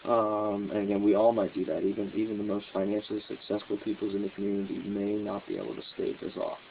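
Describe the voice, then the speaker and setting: A low, gravelly male voice rambles through a political monologue, halting often and leaning on fillers. It sounds squeezed through a phone-like line, with a faint hiss underneath. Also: little pitch movement. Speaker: political podcast host. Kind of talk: casual monologue.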